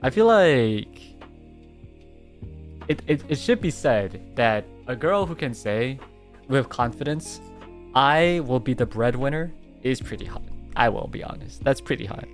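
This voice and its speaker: A man's voice: mid-range voice, very animated, measured pace, faint music behind. A man streaming casually, talking playfully in a rambling way, full of fillers and restarts. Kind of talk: casual livestream chat.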